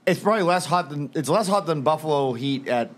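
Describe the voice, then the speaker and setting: A podcast co-host from the Boston area casually reads sponsor plugs, laid-back but blunt and profane, swearing freely. He speaks a little fast in a fairly high, lively voice.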